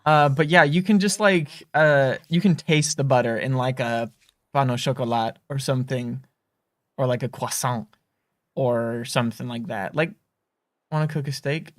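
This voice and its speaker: An American man co-hosts a gaming livestream, chatting casually, wandering off topic and laughing often. His medium-pitched voice moves at a moderate pace, recorded in studio quality with no echo.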